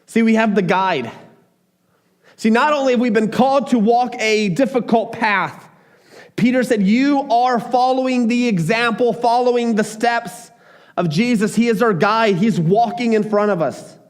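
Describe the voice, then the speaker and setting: A man preaching a sermon as pastor, talking in an animated, emphatic way with frequent restarts. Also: very high voice, a little slow.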